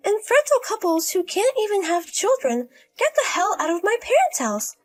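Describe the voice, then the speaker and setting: A woman voicing a shrill, spiteful sister-in-law. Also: big pitch swings, normal speed, soft background music. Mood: scornful. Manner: scornful, yelling insults.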